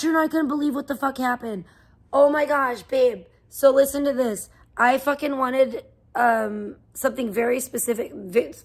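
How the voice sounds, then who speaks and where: A young woman streaming from home, venting in a profane, rambling rant. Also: on the high side. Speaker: livestreamer. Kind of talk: angry livestream rant.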